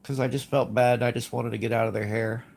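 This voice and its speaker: Over slight background noise, a livestream host with congested sinuses and a stuffy nose chats casually and reads chat, rambling, repeating himself and giving blunt opinions. He talks fast in a mid-range, gravelly, slightly mellow voice with little pitch movement.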